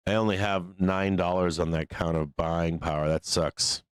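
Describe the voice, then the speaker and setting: A man's voice: low-pitched, steady tone, normal speed, clean tone, no room sound. A man hosting a live stock market stream, talking casually and ranting with frustration, swearing freely and laughing often. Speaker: stock market show host.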